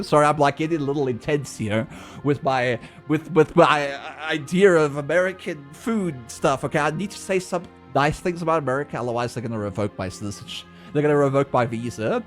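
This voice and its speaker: Animated South African man ranting and laughing. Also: on the high side, a little fast, soft background music. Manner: animated, profane, laughing rants. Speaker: streamer. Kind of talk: casual livestream chat.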